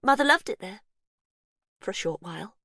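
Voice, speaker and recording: A woman's voice: mid-range voice, expressive, moderate pace, bright, forceful tone, no echo, clean studio sound, voice pushed up. Woman playing a bitter, cornered avenger.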